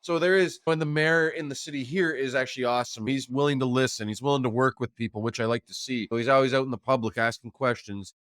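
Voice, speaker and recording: A male podcast host talks in a relaxed, encouraging way with an easy conversational flow. His voice has an ordinary middle pitch. The sound is close and dry. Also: quick pace, hardly any pauses, no echo. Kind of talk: casual interview chat.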